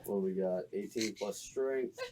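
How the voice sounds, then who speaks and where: A man's voice: sits low, normal speed, noisy background. A man playing a tabletop game, talking playfully in a mock-formal character voice. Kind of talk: in-character role-play.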